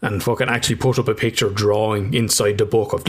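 A man's voice: lowish voice, expressive, fairly quick, hardly any pauses, a bit bright, slightly rough. A man in casual chat, telling stories with a lot of swearing and laughter. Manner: sweary, storytelling, laughs often.

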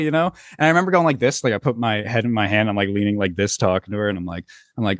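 Young adult male guest, animated storyteller, swinging pitch, dry mic. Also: quick pace, dry recording. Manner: animated, acts out voices in his story. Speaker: podcast guest telling a story. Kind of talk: casual storytelling.

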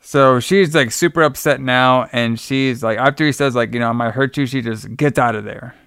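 A man's voice: mid-range voice, moderate pace, fairly bright tone, smooth, dry recording, clean studio sound. A man co-hosting a podcast, casually retelling a movie plot in a rambling way full of fillers. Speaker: podcast co-host. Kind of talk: casual movie review chat.

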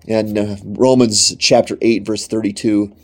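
A man's voice: lowish voice, flat delivery, unhurried. A man preaching a sermon emphatically, often repeating phrases to drive a point home. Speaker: pastor.

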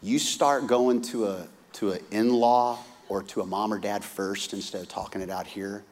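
A man preaching a sermon, retelling a story with lively, humorous asides and acted-out voices. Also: moderate pace. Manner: animated storytelling, acting out characters with big pitch swings. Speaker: pastor. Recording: hall reverb.

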